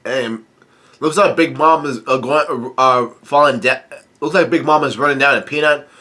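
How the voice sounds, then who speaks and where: A man with a stuffy nose rambles through a casual comic read-through, breaking into laughs between fillers and restarts. His voice is bright and forceful. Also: mid-range voice, normal speed. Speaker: comic reader and commentator.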